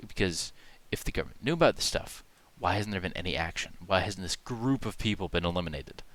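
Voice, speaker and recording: A man's voice: deep voice, expressive, brisk, a bit bright. A man hosting a parody video, rambling through mock-serious conspiracy commentary with lots of fillers and hesitations. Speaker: video host.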